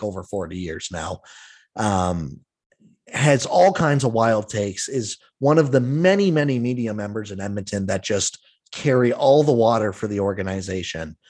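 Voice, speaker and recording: Husky-voiced man ranting on hockey. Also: mid-range voice. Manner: animated, exasperated, swears, laughs at the topic. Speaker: podcast host. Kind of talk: casual sports podcast rant.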